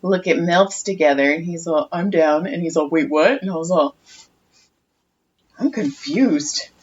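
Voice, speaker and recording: A woman's voice: low-pitched, unhurried, darkish tone. Chatty woman telling stories on a podcast. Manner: chatty storyteller, laughs at her own stories. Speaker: podcast co-host. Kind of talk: casual chat. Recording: dull lo-fi sound with faint noise.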